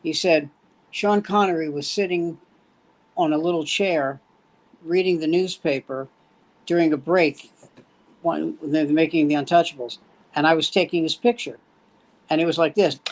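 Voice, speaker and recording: A man's voice: on the high side, normal speed, long pauses, poor audio. Older man telling comedy stories. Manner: animated anecdotes with punchy joke delivery. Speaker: veteran comedian guest. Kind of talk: casual storytelling chat.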